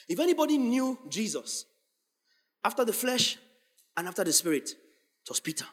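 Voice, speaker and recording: A man preaching a sermon, acting out scripture scenes and building up to shouted lines. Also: high voice, big pitch swings, moderate pace, pauses often. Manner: dramatic, acts out scripture voices, builds to shouting. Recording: long hall reverb.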